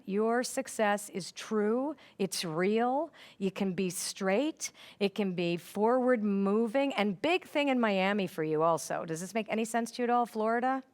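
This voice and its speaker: Woman medium relaying spirit messages. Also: mid-range voice. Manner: animated, repeats spirit messages, laughs often. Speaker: psychic medium. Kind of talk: live mediumship reading. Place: studio with live audience.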